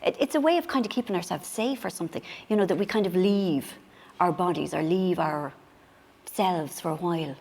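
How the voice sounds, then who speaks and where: A woman's voice: on the low side, a little fast, a little mellow, big-room sound. A middle-aged woman, a guest on a book show, chatting candidly and self-mockingly, acting out little scenes in quoted voices. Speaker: author guest.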